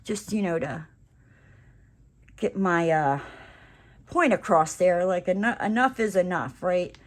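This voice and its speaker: A woman's voice: fairly low pitch, takes it slowly. A woman craft vlogger telling a story in a casual, rambling chat, full of "like" and "you know" fillers.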